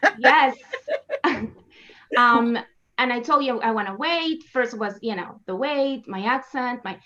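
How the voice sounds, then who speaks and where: A woman's voice: fairly high pitch, a little slow, sharp tone, dull audio, slight background noise. A woman guest in a casual panel discussion, talking earnestly and encouragingly. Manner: earnest, encouraging, repeats herself.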